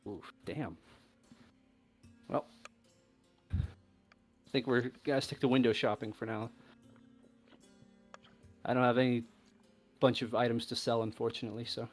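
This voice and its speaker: A man's voice: mid-range voice, fairly even intonation, measured pace, long pauses. A man with a mid-range voice chats playfully at the gaming table, shopping for items and joking with the others. Light music plays behind him. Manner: chatty and playful. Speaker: player. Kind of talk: casual table talk in a tabletop game.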